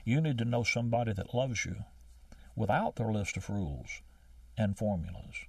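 An older man preaching a sermon, emphatic, slowing down to stress key phrases. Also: fairly low pitch, creaky, breathy edge, no room sound, distant mic.

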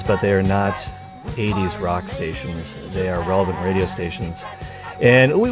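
A man's voice: fairly low pitch, dry recording. A man hosting a radio talk show, chatting casually and interrupting himself with playful asides. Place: radio studio. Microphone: studio mic.

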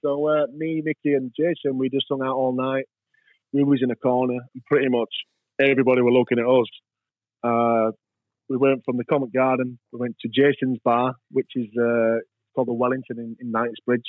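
A man's voice: medium pitch, flat delivery, brisk, dry recording. A man telling rambling anecdotes in an interview and acting out the voices of people in his stories. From England. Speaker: interview guest. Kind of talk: storytelling in a casual interview. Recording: dry, tinny phone-like sound.

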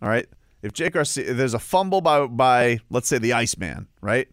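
Sports radio co-host, male, ranty and playful, animated delivery, dry studio sound. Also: medium pitch, moderate pace, dry recording. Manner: animated, mock-outraged, ranting. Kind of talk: casual sports banter.

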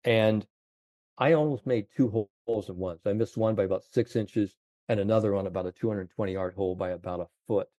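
A man in his seventies, a golf confidence coach, telling animated stories in an interview, full of "you know". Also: lowish voice, fast, no room sound, dull audio. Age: 70s. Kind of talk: storytelling interview chat.

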